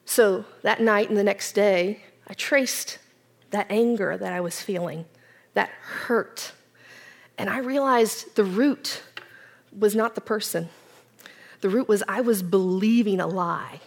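A woman giving an earnest personal testimony as a church speaker, swinging from strong declarations to soft, near-whispered reflection. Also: mid-range voice, slow pace, creaky. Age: adult with children. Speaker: women's ministry speaker.

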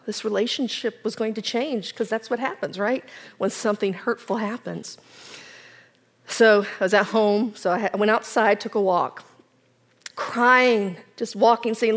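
A woman giving an earnest personal testimony as a church speaker, swinging from strong declarations to soft, near-whispered reflection. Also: medium pitch, normal speed. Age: adult with children. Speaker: women's ministry speaker.

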